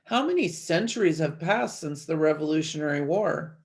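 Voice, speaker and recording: A woman teacher giving an online grammar lesson from her desk, explaining each step clearly with light playful asides to her students. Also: low voice, expressive, normal speed. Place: at a desk, screen-sharing a worksheet.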